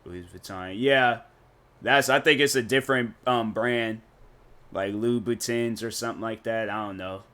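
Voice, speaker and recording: Male gaming streamer, bright tone, rambly and jokey, loose slang between moves. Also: on the low side, moderate pace. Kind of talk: casual live-stream chat while playing.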